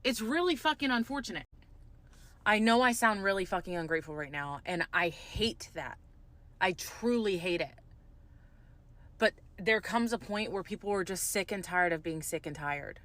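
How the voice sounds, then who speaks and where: A woman's voice: mid-range voice, expressive, moderate pace, fairly bright tone. An American woman speaking emphatically with frustration, swearing and apologizing for it. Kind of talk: frustrated monologue clip.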